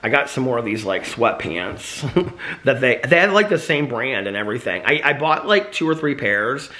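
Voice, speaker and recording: A man's voice: medium pitch, very animated, moderate pace, pushed and bright. A man vlogging casually with a slight lisp and a sore mouth after losing a tooth, rambling about his day with lots of fillers. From United States. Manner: rambling, chatty, filler-heavy. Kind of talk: casual daily vlog chat.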